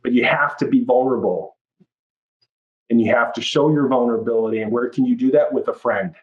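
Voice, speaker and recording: An earnest man talking as a life coach on a podcast, with a voice of middle pitch. He is reflective and often circles back to restart a phrase. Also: brisk, phone-quality sound. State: moved, near tears. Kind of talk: podcast interview.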